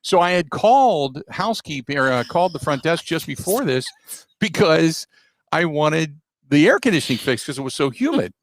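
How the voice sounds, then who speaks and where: A middle-aged radio host with a gravelly voice tells a story in a casual, animated, self-deprecating way. His voice is on the high side, at normal speed, with no echo.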